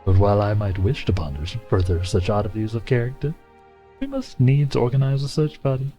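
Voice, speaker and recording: A man's voice: on the low side, animated, mellow, faint music behind, close to an everyday voice. A man voicing a formal, worried guild scholar. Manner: archaic, formal phrasing read slowly. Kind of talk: reading game dialogue aloud.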